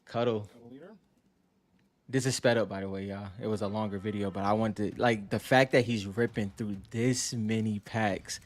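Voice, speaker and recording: A man's voice: on the low side, steady tone, moderate pace. A man co-hosting a casual card chat, easygoing and slangy, talking straight to viewers. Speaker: co-host.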